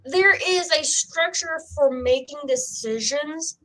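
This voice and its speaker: A woman's voice: sits high, slow pace, fairly bright tone, poor audio. Rambling woman with a cough. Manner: rambling, full of "like" and "you know". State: sick with a cough. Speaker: psychic co-host. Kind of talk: casual chat.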